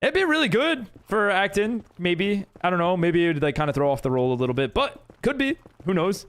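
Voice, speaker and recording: A man's voice: sits high, sing-song, fairly quick. A young man streaming, chatting casually with viewers, laughing often and using lots of fillers. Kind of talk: casual live-stream chat reading viewer messages.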